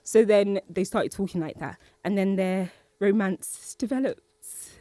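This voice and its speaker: A woman's voice: mid-range voice, measured pace, no echo. A woman co-hosting a casual podcast chat, telling stories with lots of laughter. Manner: animated, laughing storyteller. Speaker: podcast co-host.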